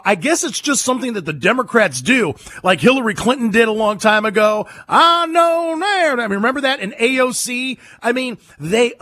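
A man's voice: high-pitched, fairly bright tone. A man hosting a political talk radio show, emphatic and mocking, who repeats his points and hammers them home.

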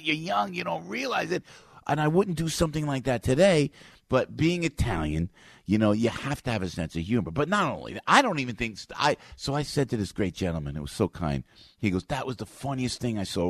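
A radio host tells stories in a low voice with big swings in pitch. He keeps the talk casual and often jumps into quick character voices. The recording is close and dry. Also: no room sound. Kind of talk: casual storytelling chat.

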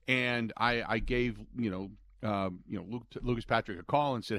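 A man's voice: medium pitch, a little fast, few pauses, fairly bright tone, no room sound. A man hosting a sports talk radio show, ranting emphatically and acting out what players might say. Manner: emphatic, opinionated, quotes imagined players.

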